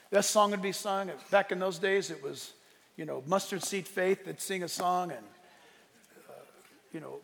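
High, gravelly-voiced man preaching. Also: long reverb tail. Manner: animated preaching, bursts of shouted emphasis. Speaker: pastor. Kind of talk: sermon.

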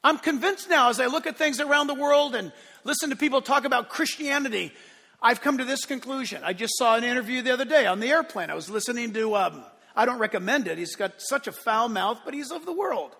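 A male pastor preaching a sermon to his church, emphatic, swinging between loud declarations and hushed asides. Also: extremely high pitch, expressive, fairly quick, big-room sound. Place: church sanctuary.

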